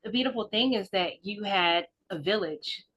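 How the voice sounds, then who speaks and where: A woman hosting an interview, affirming her guest and asking gentle questions. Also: medium pitch, normal speed, slightly rough. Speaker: podcast host. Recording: dull lo-fi audio.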